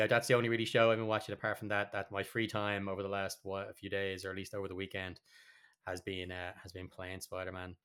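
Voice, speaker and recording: A low-voiced man chatting on a podcast, loose and profane, often tripping over his words and circling back to finish a thought. He talks casually about what he has been watching and playing. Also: a bit bright. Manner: rambling, sweary, with many restarts. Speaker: podcast co-host. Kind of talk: casual chat.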